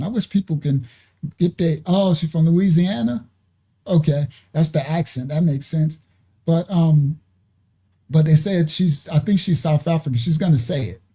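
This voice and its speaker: Mellow man musing to his viewers. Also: fairly high pitch, vocal fry, slightly rough. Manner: musing aloud, asks viewers questions. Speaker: reaction video host. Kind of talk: casual reaction commentary.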